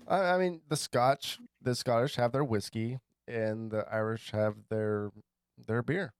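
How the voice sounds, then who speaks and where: Male co-host, mid-range voice, easygoing joker with quick apologetic asides. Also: mid-range voice, clear, resonant tone, no room sound. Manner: laughs easily, jokey, apologetic asides. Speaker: podcast co-host. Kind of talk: casual chat over beers.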